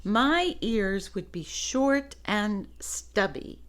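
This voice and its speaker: A woman voicing a gentle young bunny who wishes to be like his friend, reading slowly from a picture book. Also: medium pitch, lively intonation. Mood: wistful. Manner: slow, plain storybook reading. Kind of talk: picture book read-aloud.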